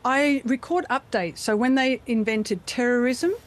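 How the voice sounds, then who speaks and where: Middle-aged Australian woman, lively interview guest with a slightly raised pitch, quick to mimic others. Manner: chatty, playful, does quick mimicry. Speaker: voice actor guest. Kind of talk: live news interview.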